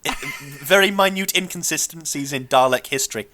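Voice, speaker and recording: A man co-hosting a podcast in casual chat, given to animated, indignant rants. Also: on the high side, fairly quick, slight background noise. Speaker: podcast co-host.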